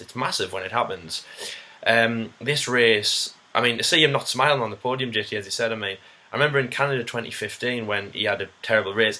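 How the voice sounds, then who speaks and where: A man co-hosting a casual racing debate, talking it through with lively retellings of drivers' radio messages. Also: lowish voice. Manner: animated, acts out drivers' radio quotes. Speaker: co-host of a racing review show.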